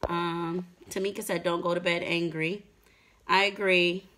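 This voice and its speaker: A woman's voice: on the low side, little pitch movement, a little slow, background noise. A middle-aged woman co-hosting a casual live stream with her husband, chatty and teasing as she greets viewers and reads their comments. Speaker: livestream co-host.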